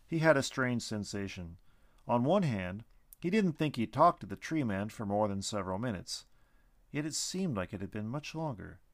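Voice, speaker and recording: A man narrating a storybook in an expressive, animated reading. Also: fairly low pitch, normal speed, dry recording.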